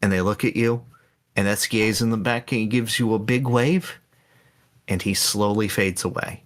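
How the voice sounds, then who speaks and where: A man co-hosting a podcast, slowly and dramatically retelling a game's ending in casual chat. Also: on the low side, fairly even intonation. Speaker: podcast co-host.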